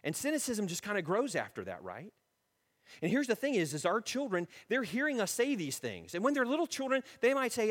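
A man preaching a sermon as pastor, swinging from emphatic rising questions to low, quiet asides. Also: very animated, brisk, big-room sound.

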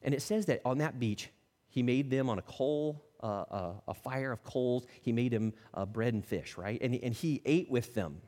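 A man preaching a sermon as a pastor, animated, acting out the people he quotes and dropping to soft, intimate tones. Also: mid-range voice, moderate pace. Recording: long reverb of a church hall.

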